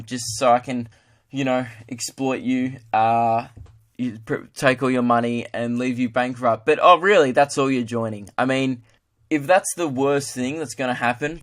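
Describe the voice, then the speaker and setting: A man's voice: medium pitch, fairly bright tone. A young Australian man hosting his comedy podcast, rambling in a casual, self-mocking monologue.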